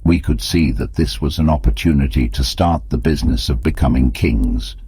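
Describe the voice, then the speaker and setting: Very deep, raspy male storyteller. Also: normal speed, warm tone, no room sound. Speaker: audiobook narrator. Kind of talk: scripted narration.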